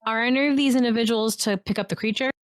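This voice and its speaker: A woman's voice: fairly high pitch, fairly even intonation, fast, no echo. A woman playing a tabletop game, stating her actions in short, plain turns. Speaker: player. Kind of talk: casual play at a tabletop game.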